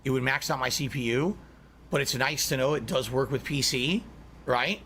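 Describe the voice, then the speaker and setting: A man's voice: medium pitch, moderate pace, bright, forceful tone, slight background noise. A male streamer chatting casually and reading out messages from his chat.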